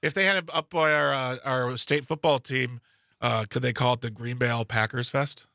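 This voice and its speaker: A man's voice: medium pitch, fairly even intonation, normal speed, creaky, pushed and bright, dry recording. A man co-hosting a radio talk show, joking and sarcastic in casual banter on a studio mic. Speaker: radio co-host.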